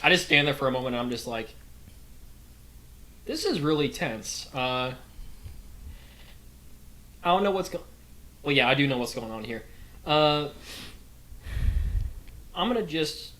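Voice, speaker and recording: A man's voice: mid-range voice, animated, moderate pace, pauses often, bright, forceful tone. A man playing in a casual role-play, playful and jokey, recorded with a noisy background. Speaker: player.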